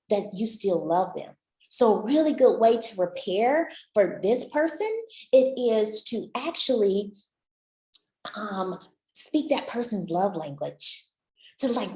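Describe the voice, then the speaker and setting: A woman's voice: mid-range voice, darkish tone, roomy sound, rough recording. A woman giving relationship advice in an encouraging, chatty way, talking straight to her listener. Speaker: relationship coach. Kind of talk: motivational talk to camera.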